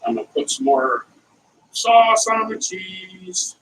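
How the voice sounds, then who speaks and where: A man's voice: high-pitched, slow pace, a bit bright. A middle-aged man hosting a casual cooking vlog, rambling and chatty as he talks viewers through his recipes and wanders off into side stories. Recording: distant mic with faint ambient noise.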